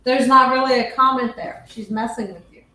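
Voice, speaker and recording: A woman's voice: high-pitched, fairly even intonation, fairly quick, bright, forceful tone, a little hiss or hum. A woman chiming in on a casual live stream with dry, teasing remarks. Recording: echoey room, off-mic.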